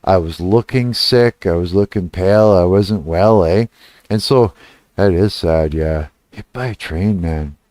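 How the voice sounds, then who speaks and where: Rambling, profane middle-aged streamer. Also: male voice, measured pace, a little mellow, no echo. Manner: rambling and profane, trailing off and restarting; laughs and rises in pitch when retelling anger. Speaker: livestreamer. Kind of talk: casual livestream chat, answering chat.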